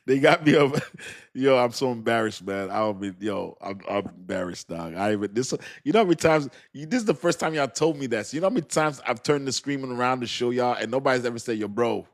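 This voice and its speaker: A man of ordinary pitch hosting a casual crypto livestream and talking straight to his viewers. He rambles in loose slang and laughs often. He pokes fun at himself as he goes. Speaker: crypto channel host.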